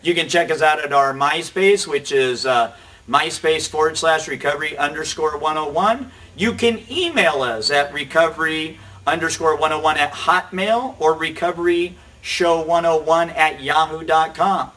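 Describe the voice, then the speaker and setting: A man's voice: on the high side, bright, forceful tone, distant mic. A middle-aged man casually telling a rambling, self-deprecating story as host of a recovery show. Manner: rambling, self-deprecating, quotes people in quick asides.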